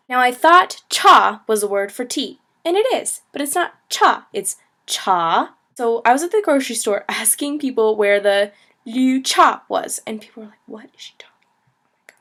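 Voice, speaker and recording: A woman's voice: a little high, a bit bright. A woman in her twenties gives a casual video lesson, chatty and laughing easily, full of "like" and "you know". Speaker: language teacher, travel vlogger.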